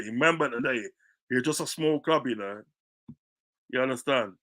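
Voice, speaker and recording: Male football fan, live-stream rant, combative, repeats himself, mid-pitched voice that breaks into loud shouts. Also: moderate pace.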